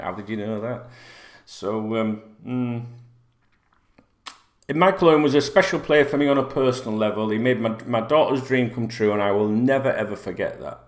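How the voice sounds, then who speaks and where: A middle-aged man hosting a football fan channel, talking bluntly and rambling in a sweary rant to camera. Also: on the low side. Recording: roomy echo.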